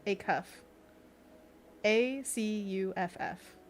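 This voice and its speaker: While painting on stream, a young female art host talks easily with her audience at a medium pitch, expressive and prone to giggles and silly bits. A little hiss or hum sits under the audio.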